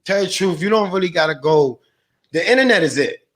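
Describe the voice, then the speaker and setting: A man's voice: high voice, expressive, fast talker, a bit bright. A man guest on a podcast, a stock trader, talking in a slangy, profane, rambling way. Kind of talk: casual podcast chat.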